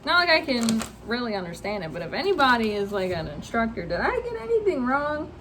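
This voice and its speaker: A young woman with a high voice tells a story to the camera, animated and laughing between lines. She swears freely and acts out the people she quotes. Faint noise sits behind her. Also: a little fast. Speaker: vlogger. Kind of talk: casual storytelling vlog.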